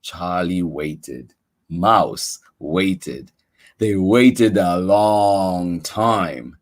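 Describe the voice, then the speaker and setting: A man reading a picture book aloud to children as a storyteller, playful and expressive, with chatty asides. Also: deep voice, drawn-out words.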